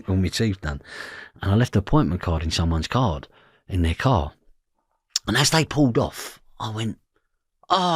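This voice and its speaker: A man's voice: deep voice, breathy edge, no room sound, studio quality. A man with a London Cockney accent, telling a story as an interview guest, acting out the voices in his quotes and swearing freely. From East London, England.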